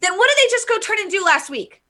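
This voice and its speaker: A woman's voice: very high-pitched, animated, quick pace, sharp tone. A woman hosting a live vlog, ranting heatedly with emphatic stress and stumbling restarts while reading viewer comments. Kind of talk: impassioned live political rant.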